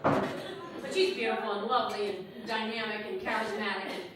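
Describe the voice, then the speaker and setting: A woman's voice: medium pitch, lively intonation, normal speed, heavy background noise. A woman doing a stand-up comedy set in a theater, with brash, bawdy, self-mocking punchlines. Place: theater stage with live audience. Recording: roomy live theater recording from far off. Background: audience laughter.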